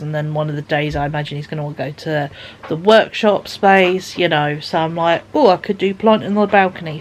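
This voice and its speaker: A woman's voice: sits low, slight background noise, rough recording. A woman vlogging at home, chatting casually and rambling with lots of fillers and restarts. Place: at home indoors.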